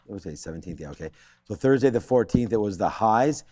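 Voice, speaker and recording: A man's voice: fairly low pitch, lively intonation, fast, mellow, dry recording. A man co-hosting a live stock market show, rambling and thinking aloud as he checks stock charts. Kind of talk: live trading commentary.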